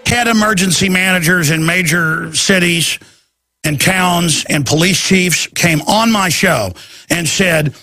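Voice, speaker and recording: A man's voice: high voice, measured pace, pushed and bright, no echo. A man hosting a talk radio show, delivering an urgent, emphatic ranting monologue.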